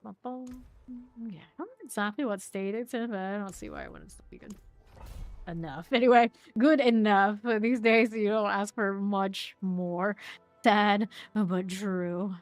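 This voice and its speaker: A woman's voice: medium pitch, a little slow, dry recording, faint music behind. A woman from Central Florida chatting casually with her viewers while playing a game, laughing often. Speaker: streamer. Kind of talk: casual live-stream chat while gaming. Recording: steady background noise.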